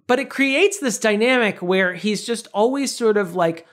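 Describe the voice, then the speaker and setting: Podcast co-host, animated storyteller, acts out quoted lines, casual chat. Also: mid-range voice, moderate pace. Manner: casual swearing.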